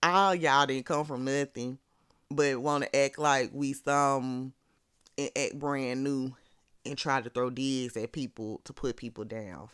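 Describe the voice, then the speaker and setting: A speaker from Birmingham, Alabama with a Southern accent, giving sassy, animated casual commentary on a reality show and laughing often. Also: medium pitch, measured pace, clean tone, dry recording, studio quality.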